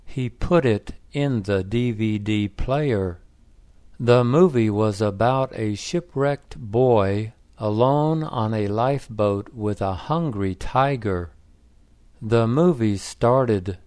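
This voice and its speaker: Slow, careful male storyteller. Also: fairly low pitch, darkish tone, clear, resonant tone, no echo. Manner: slow, carefully paced reading. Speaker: narrator. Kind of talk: scripted story narration.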